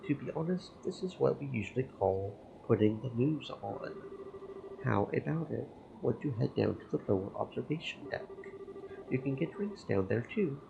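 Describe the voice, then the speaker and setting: A man reading Kevin, a gravelly flirting priest. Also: mid-range voice, expressive, moderate pace, dull audio, background noise. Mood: flirty. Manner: teasing, easygoing banter. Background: game music.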